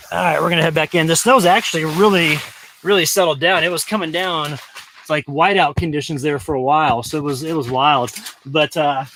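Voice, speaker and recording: Walking around his snowy off-grid camp, both outside and inside a large tent, a man livestreams while rambling casually, full of fillers and restarts. His voice is on the high side and fairly bright, with a little hiss or hum in the audio.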